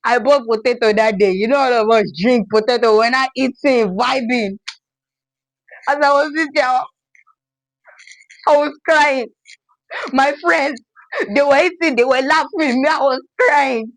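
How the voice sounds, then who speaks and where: High-voiced Nigerian woman telling a story. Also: unhurried, long pauses, dry recording, rough recording. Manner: animated, dramatic storyteller acting out scenes. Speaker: vlogger. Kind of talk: storytime vlog.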